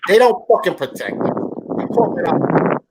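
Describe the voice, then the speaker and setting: High, animated host reading comments. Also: male voice, fast talker, vocal fry, background noise. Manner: emphatic, repeats key phrases. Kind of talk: casual podcast chat.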